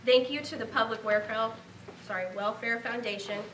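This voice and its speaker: A woman's voice: a little high, normal speed, fairly bright tone, distant mic, a little hiss or hum. Earnest woman in an echoey hall. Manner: heartfelt, earnest, speaking of a lost relative. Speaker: award recipient giving acceptance speech. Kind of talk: emotional acceptance speech.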